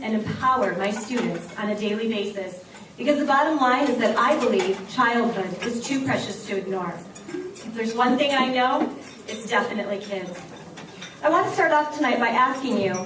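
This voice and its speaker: High-voiced woman speaking in an echoey banquet hall. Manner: lively storyteller, acts out voices of children and herself. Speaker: keynote speaker and teacher. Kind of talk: keynote speech with anecdotes. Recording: echoey hall recorded from far off, dinner noise. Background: clinking cutlery and dishes.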